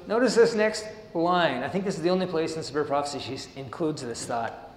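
A man with a slightly high voice preaches a sermon at a brisk pace, reading passages aloud and then riffing casually with chuckles and asides. The sound is that of a roomy hall with long reverb.

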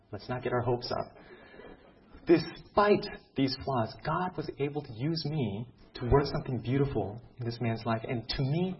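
Guy doctor sharing a testimony to a room, mid-pitch voice, lively storytelling, kinda dull lo-fi sound. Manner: animated storytelling, acts out quotes, ends in prayer. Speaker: physician giving a testimony. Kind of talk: testimony talk to an audience. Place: room with an audience.

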